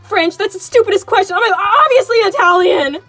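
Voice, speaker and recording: Woman doing a high-voiced touchy guy for a toy drama, keeps repeating himself, faint music behind. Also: expressive, normal speed, pushed and bright, full character voice. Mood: indignant. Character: excitable man, touchy about being called French.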